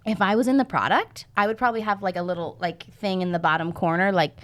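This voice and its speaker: A woman's voice: lowish voice, quick pace. Woman in her thirties telling stories. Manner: lively storyteller who acts out what others said. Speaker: guest coach. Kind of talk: casual podcast interview.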